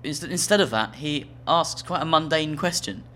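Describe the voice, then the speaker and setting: Dry-witted man with a bright voice. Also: on the high side, lively intonation, moderate pace, slight background noise. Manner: dry, wry, reads listener emails aloud. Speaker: podcast co-host. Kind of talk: casual comedic chat.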